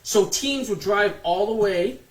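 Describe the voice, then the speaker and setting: A man in his fifties, a podcast co-host, telling a profane, animated story and acting out what others said. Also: high voice, measured pace. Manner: profane, animated, acts out quotes. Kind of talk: casual storytelling chat. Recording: distant mic, faint noise.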